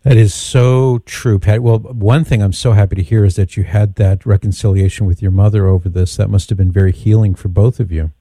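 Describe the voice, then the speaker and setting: A man hosting a call-in radio show, affirming callers with brief warm interjections. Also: lowish voice, fairly even intonation, brisk, few pauses, husky, no echo, studio quality.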